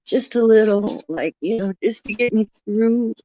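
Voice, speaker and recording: A slightly high but dark-toned female voice, free of room sound, reads oracle card texts slowly during a casual live stream. She's playful and laughs at herself, and the recording quality is dull and lo-fi.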